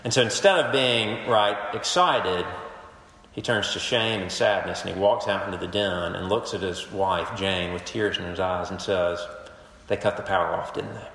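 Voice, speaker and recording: A male pastor preaching a sermon, telling stories with animated swings between emphatic and hushed delivery. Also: low voice, normal speed. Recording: echoey hall with long reverb.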